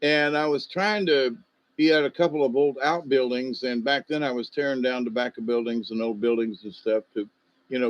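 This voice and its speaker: A man rambles through folksy stories in a loose monologue, tossing in fillers and asides. His voice sits at a middling pitch. The recording is dull and lo-fi, with a dry, close sound. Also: no echo.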